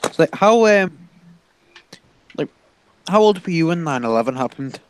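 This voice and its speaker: A man's voice: on the high side, animated, moderate pace, slight background noise, low-quality recording. A teenage man hosting a stream, chatting casually with friends, rambling with lots of fillers and laughing often. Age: teens. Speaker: stream host.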